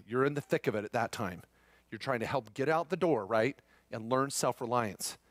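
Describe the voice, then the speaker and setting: A man's voice: medium pitch, no room sound. A middle-aged man speaking at a live tax seminar, upbeat and jokey, polling the room and addressing the audience as guys.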